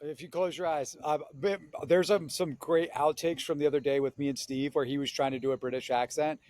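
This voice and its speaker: Chatty, rambling man with a higher voice. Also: brisk, no room sound. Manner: rambling, jokey, animated storytelling. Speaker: podcast co-host. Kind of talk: casual chat. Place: outdoors.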